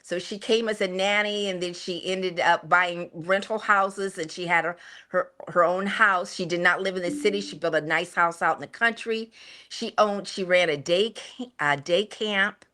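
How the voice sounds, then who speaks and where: A woman's voice: on the low side, moderate pace. A woman in her sixties, a mother telling family stories in a casual chat, laughing often. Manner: animated, laughing storyteller. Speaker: guest, the host's mother.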